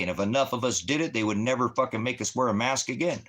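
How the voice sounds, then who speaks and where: A man's voice: mid-range voice, fast. A man telling stories to his followers in a casual, coarse way, swearing constantly and acting out his own angry outbursts. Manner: coarse, swears constantly, mimics shouting at others. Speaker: ministry preacher. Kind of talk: casual profane storytelling to followers.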